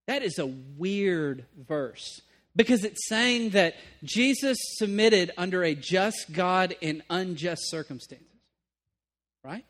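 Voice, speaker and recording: A man preaching a sermon, moving between emphatic bursts and hushed asides, often checking in with the room. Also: high voice, animated, a little slow. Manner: conversational, checks in with listeners. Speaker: pastor.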